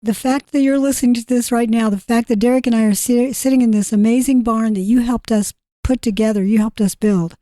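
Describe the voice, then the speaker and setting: A woman co-hosting a casual Christian radio talk show, speaking earnestly and chiming in gently. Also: on the high side, steady tone, a little fast, hardly any pauses, no room sound, clean studio sound. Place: barn studio.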